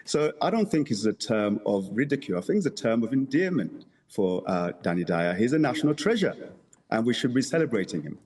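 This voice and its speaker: A man, a councillor, being interviewed on television, who speaks in a measured way, pronouncing every word carefully, with hesitant fillers. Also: mid-range voice, big pitch swings, a little mellow, husky. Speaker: councillor guest.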